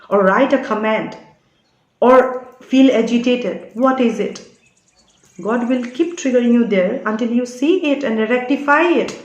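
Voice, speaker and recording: A woman's voice: a little high, dull audio. A woman giving a spiritual guidance monologue as a channel reader. She talks in a preachy, insistent way and keeps tagging "all right?" onto her lines. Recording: echoey room.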